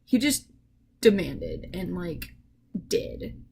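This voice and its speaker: A woman's voice: lowish voice, big pitch swings, very slow, gravelly, darkish tone, slight background noise, low-quality recording. A woman contestant talking in a confessional, chatty and full of fillers. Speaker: online game contestant.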